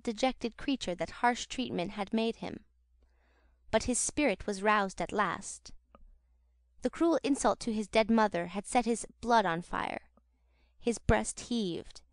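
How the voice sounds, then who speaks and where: A woman narrating a classic novel audiobook in a measured, dramatic storytelling manner. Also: on the high side, dry recording, studio quality.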